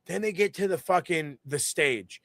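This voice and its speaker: A man with a fairly high voice rattles through a wrestling recap, swearing freely and acting out quotes with mock voices. The sound is dry and close, with no room around it. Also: moderate pace, no echo. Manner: profane, animated storytelling with mocking quoted voices. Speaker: podcast co-host. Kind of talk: casual wrestling review chat.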